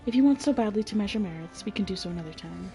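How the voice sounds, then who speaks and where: A woman's voice: medium pitch, lively intonation, rapid-fire, dark tone, soft background music, close to an everyday voice. A woman reading aloud the lines of an arrogant, scornful male noble baron in a role-playing game. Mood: haughty. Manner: scornful, condescending.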